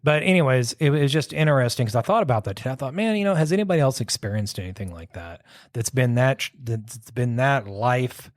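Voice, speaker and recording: A man's voice: mid-range voice, expressive, a little fast, few pauses, no room sound, clean studio sound. A man casually telling a long ghost story, rambling and circling back with "so anyways.". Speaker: podcast host telling a story.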